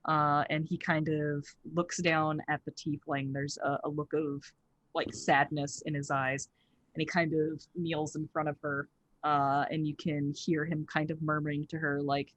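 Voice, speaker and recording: A game master narrating a tabletop game in a halting way with lots of "uh" and "um". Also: mid-range voice, little pitch movement, a bit bright, no room sound. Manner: halting narration with many fillers.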